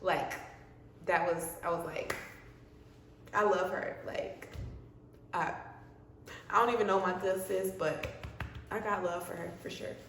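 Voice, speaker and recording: A young woman vlogger telling a personal story to camera in a chatty, expressive, slangy way, acting out both sides of her phone calls. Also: lowish voice, measured pace, long pauses, slight background noise. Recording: roomy sound from a distant mic.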